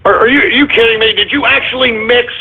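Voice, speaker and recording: A man hosting a call-in radio show who rants, shouts and curses in exasperation at his callers. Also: extremely high pitch, fairly even intonation, fast, husky, narrow, tinny audio. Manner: exasperated ranting, shouting and cursing.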